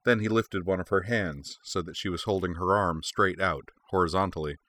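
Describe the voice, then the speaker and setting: A man narrating an audiobook in a steady, measured reading. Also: low-pitched, slight background noise.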